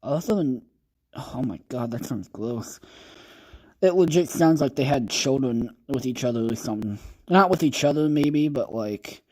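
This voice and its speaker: A man's voice: medium pitch, lively intonation, moderate pace, warm tone. Rambling, foul-mouthed young man. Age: around 20. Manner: rambling, profane, joking. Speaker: podcast host reading creepypastas on a livestream. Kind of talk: casual livestream chat.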